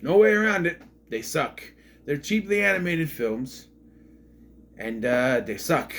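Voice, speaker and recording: A man's voice: a little high, expressive, measured pace, a bit bright. A man giving a rambling, blunt and sarcastic casual movie review.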